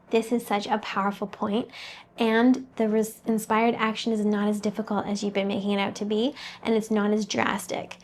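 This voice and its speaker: A woman's voice: on the high side, little pitch movement, moderate pace, a little mellow, a little hiss or hum. A woman talking as a mindset coach, giving an earnest, conversational motivational talk straight to the listener.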